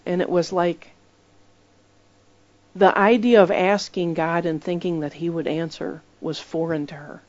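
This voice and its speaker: A woman with a somewhat low voice gives a conversational sermon, telling stories with emphasis and slipping into the voices of the people she quotes. The recording sounds dull and lo-fi. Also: steady tone, measured pace, a little mellow, no room sound. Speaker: preacher.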